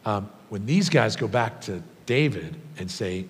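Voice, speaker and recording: A man's voice: lively intonation, measured pace, few pauses, husky. A man preaching a sermon, telling stories in a conversational way with frequent fillers. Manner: storytelling, conversational with many fillers. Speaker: pastor. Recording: long hall reverb, faint rumble.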